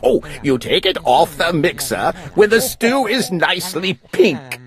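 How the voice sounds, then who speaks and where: A woman's voice: on the low side, big pitch swings, unhurried. A woman voicing a greenish, smug male glunk creature who sweet-talks and jabbers in a storybook reading. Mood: gabbing.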